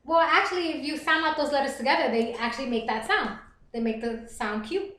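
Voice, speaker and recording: Woman, streamer, casual live chat, animated, laughs often, slightly high voice. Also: a little fast. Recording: roomy echo.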